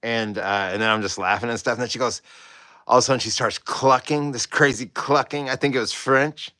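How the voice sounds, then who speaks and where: Bright-voiced rambling man telling a story. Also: mid-range voice, steady tone, brisk, dry recording. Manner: rambling, laughs often. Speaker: artist hosting a livestream. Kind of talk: casual storytelling.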